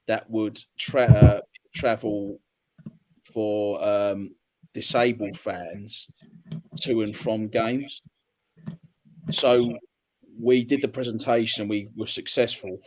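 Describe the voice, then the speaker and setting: A man's voice: lowish voice, darkish tone. A young adult man on a fan panel, telling stories in casual chat with a hesitant, filler-heavy delivery.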